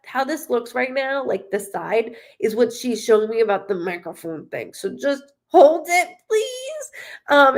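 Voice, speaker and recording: A woman's voice: fairly high pitch, vocal fry. A woman medium doing a live reading, talking in an emotional, rambling way with many fillers as she relays spirit messages. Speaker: psychic medium.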